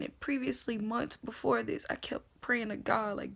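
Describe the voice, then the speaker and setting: A young woman telling her personal faith testimony, swinging between hushed whispers and loud emotional outbursts. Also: sits high, fairly quick, gravelly, few pauses, breathy edge.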